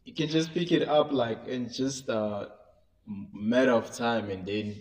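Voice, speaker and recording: A man's voice: mid-range voice, steady tone, unhurried, a little mellow. A man reacting casually to clips in a slangy way, saying "bro" and "like" often. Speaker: reaction commentator.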